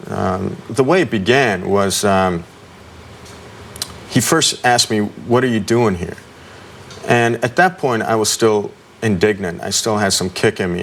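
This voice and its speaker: Low-voiced man recounting an ordeal, halting. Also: creaky, fairly bright tone, a little hiss or hum. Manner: halting, with many ums and restarts. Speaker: interview guest.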